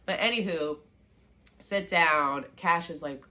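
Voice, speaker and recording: A woman recapping a TV season in a casual, animated way, acting out the characters' lines and gushing over favorite scenes. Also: deep voice, slow pace, noisy background. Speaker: show recap vlogger.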